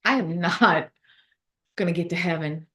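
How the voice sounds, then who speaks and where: A woman giving a motivational talk in a conference room, then leading a guided visualization in a calm, soothing way. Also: fairly low pitch. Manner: warm, slow and soothing when guiding the meditation. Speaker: motivational speaker. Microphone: phone.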